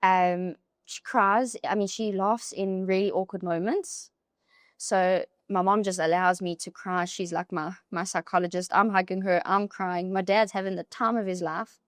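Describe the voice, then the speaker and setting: Woman, young adult, animated, mid-pitched voice, dry recording. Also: moderate pace, no room sound. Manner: animated, with many "like" fillers. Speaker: podcast guest. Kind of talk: emotional personal storytelling.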